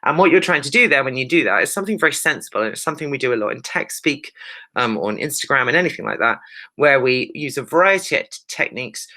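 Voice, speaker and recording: A female secondary school English teacher guides her pupils through a revision lesson in a bright, sharp-edged voice that is nonetheless bass-low, with lively intonation. She is brisk and emphatic, often checking in with "right?" and adding playful, teasing asides.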